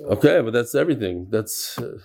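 A man's voice: mid-range voice, expressive, fairly quick, creaky, darkish tone. A man teaching a Talmud class, reading the text in a sing-song lilt and questioning his students.

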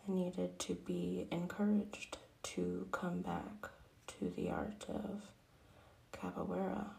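A woman's voice: lowish voice, sing-song, slow, creaky, mellow, full character voice. A woman voicing a smug male martial arts teacher in a whispered role-play.

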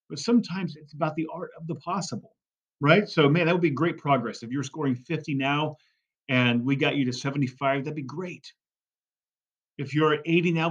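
A man's voice: fairly high pitch, lo-fi sound. A man giving a fundraising coaching talk, emphatic and repetitive, often checking in with "right?" and "okay?". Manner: emphatic, repeats key phrases, frequent "right?" and "okay?". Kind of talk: podcast monologue.

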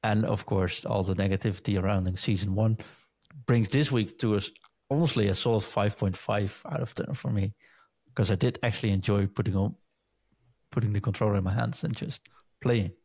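A man hosting a casual podcast chat, leading the segments in a relaxed, chatty way. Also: on the low side, a little fast. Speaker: podcast host.

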